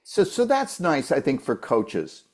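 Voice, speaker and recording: A man talking as a guest voice-over coach, giving casual advice in an animated way that acts out quoted voices. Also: on the high side, measured pace.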